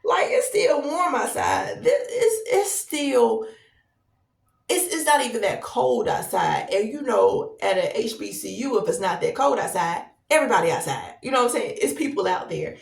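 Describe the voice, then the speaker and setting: Gravelly-voiced woman telling a story in an echoey room. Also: a little high. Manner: animated, conversational, drawn-out repetitions. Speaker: podcast host. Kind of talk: casual storytelling monologue. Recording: roomy echo, distant from mic.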